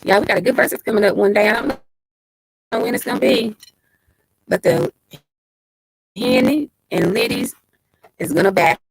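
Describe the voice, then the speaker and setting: A woman's voice: medium pitch, huge pitch swings, normal speed, creaky, pauses often, husky, low-quality recording. A woman hosting a casual livestream, reading out viewer comments and greeting them by name. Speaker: livestream host.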